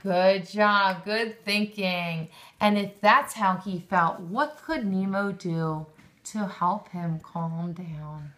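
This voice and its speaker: A woman teaching young children, full of encouragement and quick praise. She speaks slowly and stretches out her questions. Her voice is bright and clear. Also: medium pitch.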